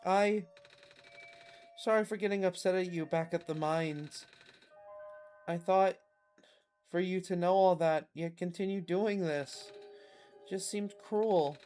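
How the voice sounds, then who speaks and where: A man voicing a gentle, lost child from another world, reading the game dialogue aloud in a soft, subdued way. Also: high voice.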